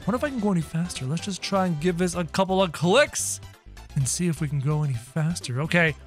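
A man giving excited, energetic commentary over his game, talking straight to his viewers. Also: fairly high pitch, fairly quick, soft background music. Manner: energetic, talks to viewers as "guys". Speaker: gaming video creator.

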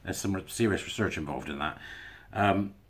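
A man's voice: deep voice, moderate pace, breathy edge. A man talking to camera in a casual commentary monologue, sarcastic and chuckling between remarks. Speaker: video blogger.

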